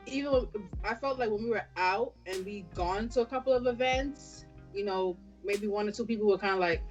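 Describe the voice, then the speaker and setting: A woman's voice: medium pitch, fairly quick, muffled recording, faint music behind. A woman in her thirties, a business owner and interview guest, telling stories bluntly with plenty of swearing. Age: 30s. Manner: blunt, storytelling, heavy swearing. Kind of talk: casual interview chat.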